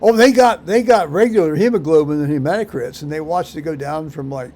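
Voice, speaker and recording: A man rambling through a solo vlog monologue, halting with many fillers and restarts, with dry dark humor. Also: a little high, a little hiss or hum. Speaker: vlogger.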